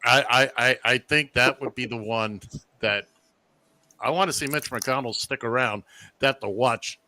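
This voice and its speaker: A man's voice: medium pitch, measured pace, bright, forceful tone, slight background noise. A man from Long Island, co-hosting a casual political chat on the radio, blunt and opinionated. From Long Island, New York. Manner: blunt and opinionated, teasing the others. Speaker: radio show co-host.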